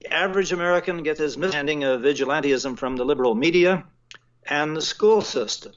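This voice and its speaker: A man talking as the guest of an interview, measured and a little halting, often pausing on fillers. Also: fairly high pitch, dull audio. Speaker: guest writer. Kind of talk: casual phone interview.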